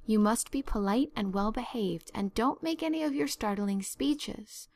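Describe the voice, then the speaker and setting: A woman voicing a stern, practical older woman guardian who talks in a brisk, scolding, no-nonsense way. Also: fairly high pitch, expressive, darkish tone.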